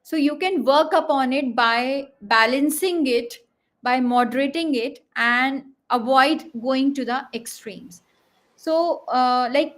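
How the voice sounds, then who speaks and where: A woman's voice: high voice, a bit bright. A woman speaking as a guest on a leadership panel, explaining communication techniques with frequent fillers and spoken examples.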